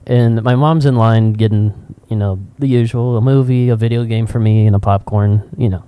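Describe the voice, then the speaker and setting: This man co-hosts a casual podcast set in a cigar shop, spinning animated stories and laughing a lot. His lowish voice moves at normal speed, clear and resonant, with no room sound.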